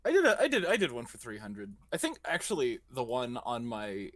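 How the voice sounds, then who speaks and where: A man's voice: medium pitch, very animated, fairly quick, fairly bright tone. A man co-hosting a casual online show, joking around and laughing often. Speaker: podcast co-host. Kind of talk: casual chat.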